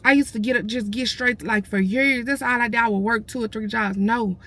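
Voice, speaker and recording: A woman's voice: fairly high pitch, steady tone, brisk, fairly bright tone. A woman, close to tears, telling her viewers a story in a casual, emotional vlog. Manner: tearful, addresses viewers as y'all. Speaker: vlogger.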